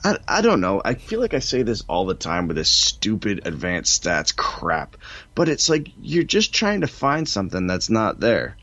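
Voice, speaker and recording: A man's voice: fairly low pitch, wildly swooping pitch, moderate pace, a bit bright, dry recording. A man co-hosting a casual sports podcast, ranting bluntly and dismissively. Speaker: podcast co-host. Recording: dull, dry lo-fi sound.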